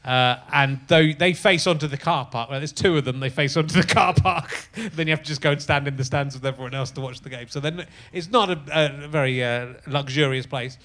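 A man's voice: mid-range voice, a little fast, hardly any pauses, fairly bright tone. A middle-aged man hosting a podcast, telling rambling, self-mocking anecdotes in a casual comic chat. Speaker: podcast host.

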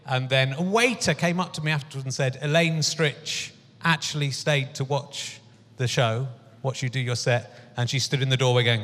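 A man's voice: mid-range voice, fairly even intonation, normal speed, a bit bright. A man hosting a comedy podcast in a casual chat, playfully asking his guest running-gag questions on stage before a live audience. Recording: live venue with long reverb.

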